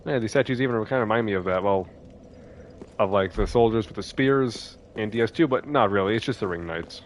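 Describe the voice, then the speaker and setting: A man's voice: fairly low pitch, a little fast, a little hiss or hum. Chatty man commentating gameplay. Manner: chatty, thinking aloud and reacting to the game. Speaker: let's play host.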